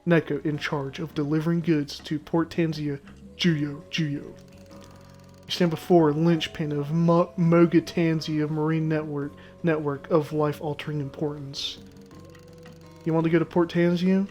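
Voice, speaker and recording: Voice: medium pitch, level tone, unhurried, a little mellow, soft background music, natural voice. A gamer voicing a boastful male cat sailor who talks in clipped pidgin phrases mixed with Japanese words. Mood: pompous.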